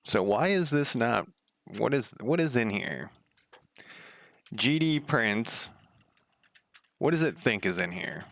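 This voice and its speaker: A man's voice: medium pitch, lively intonation, slow, long pauses, fairly bright tone, dry recording, clean studio sound. A young man casually thinking aloud while coding on a stream, muttering to himself with wry asides and the odd swear. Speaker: game developer streaming.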